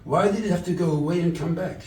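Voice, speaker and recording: A rabbi from England giving a sermon at a charity event, telling stories and acting out the dialogue. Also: male voice, fairly high pitch, quick pace, darkish tone, slight background noise. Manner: storytelling, quotes scripture and acts out dialogue. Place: event hall. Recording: echoey room, distant mic.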